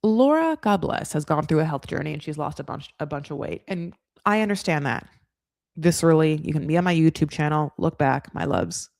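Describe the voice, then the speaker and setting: A woman's voice: low voice, expressive, creaky, a little mellow, dry recording, clean studio sound. Chatty woman recapping reality TV. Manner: chatty, rambling, full of "like" and "you know"; acts out cast members in quick quoted voices. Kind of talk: casual recap commentary.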